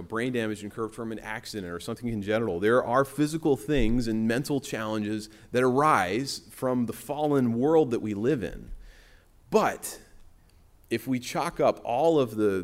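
Conversational man preaching a sermon. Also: on the low side. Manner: conversational, with frequent restarts and fillers. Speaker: pastor. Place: church.

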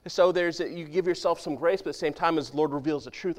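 A man preaching a sermon as pastor, talking conversationally and asking his congregation questions, dropping to a hushed voice for quoted prayers and scripture. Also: a little high, fast. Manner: drops to a hushed voice when quoting prayers and scripture.

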